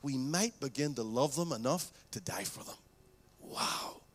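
A male pastor preaching a sermon, telling stories with lively asides and acting out quoted voices. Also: medium pitch, measured pace. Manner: animated storytelling, acts out quoted voices.

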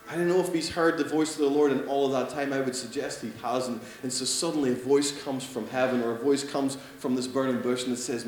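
A man preaching a sermon, animated, swinging between loud emphatic lines and soft hushed ones. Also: medium pitch. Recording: echoey room with faint hum.

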